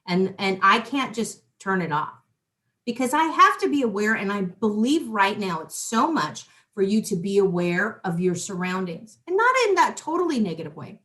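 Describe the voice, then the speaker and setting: Chatty, animated woman hosting a talk show. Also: medium pitch, moderate pace. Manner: chatty and animated, with lots of restarts and asides to the audience. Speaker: host. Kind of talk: casual spiritual talk show chat.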